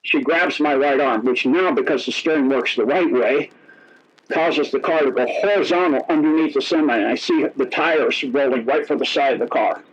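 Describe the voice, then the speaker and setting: A man's voice: medium pitch, moderate pace. A middle-aged man telling stories as an interview guest, rambling and correcting himself as he goes. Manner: rambling, self-correcting, acts out quoted dialogue. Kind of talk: casual storytelling. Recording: dull lo-fi audio.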